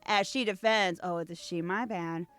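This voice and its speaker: A woman's voice: on the low side, steady tone, normal speed, a bit bright, clear, resonant tone, no room sound, faint music behind. A woman hosting a casual unboxing video, reading card text aloud between gushing asides. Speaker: VTuber host.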